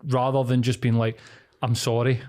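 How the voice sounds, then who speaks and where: A man's voice: mid-range voice, little pitch movement, moderate pace, warm tone. A man, a podcast host, musing in rambling casual chat full of filler words.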